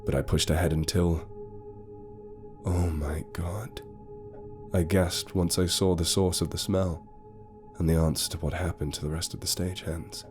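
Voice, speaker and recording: Deep-voiced man narrating horror. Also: flat delivery, brisk. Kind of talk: scripted first-person horror narration. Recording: faint music behind.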